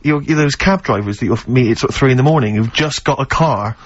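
A man's voice: mid-range voice, no room sound. A man co-hosting a radio show, telling wry stories in casual banter. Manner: quick, wry storytelling. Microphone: studio microphone. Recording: dull lo-fi radio studio.

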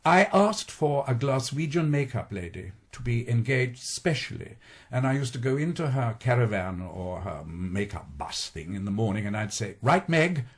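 A man in his late sixties, raised in Scotland, speaking with an English received pronunciation accent in a measured, anecdotal radio interview, recorded as an archival radio broadcast. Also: medium pitch, expressive, breathy edge. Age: 60s. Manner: measured, anecdotal, slips into quoted voices. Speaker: actor being interviewed.

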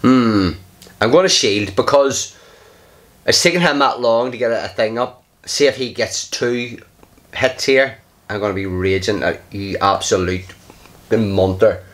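Low, slow-talking man grumbling over a game. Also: fairly bright tone. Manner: frustrated muttering, sighing, swearing under his breath. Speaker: gaming channel host. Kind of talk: casual gameplay commentary.

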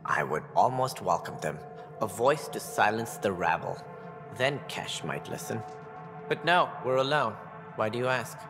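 In game audio with long reverb and music, an actor with a low-ish voice and lively intonation plays a stern, haughty alien colony director, speaking a little slowly. The character is stiff and formal and talks down to common people.

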